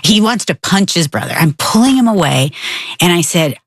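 A woman, a mother, telling a family story in a relaxed talk-show chat. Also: on the low side, moderate pace, no echo, studio quality.

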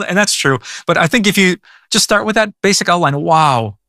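A man's voice: fairly high pitch, very animated, a little fast, pushed and bright, no echo, clean studio sound. A male pastor giving a conversational sermon in an earnest way, often repeating words as he goes.

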